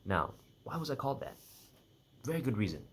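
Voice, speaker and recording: A man's voice: medium pitch, very animated, a little fast, slight background noise. A young man in a casual personal monologue, rambling and correcting himself as he half-jokes through his thoughts. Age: young adult. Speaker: vlogger.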